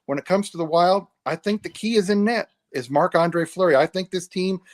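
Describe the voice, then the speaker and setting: A man's voice: sits high, moderate pace, no room sound. A man co-hosting a casual hockey fan show, talking casually, agreeing readily and restarting his sentences. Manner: agreeable, repeats himself and restarts often. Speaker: podcast co-host. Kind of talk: casual sports talk.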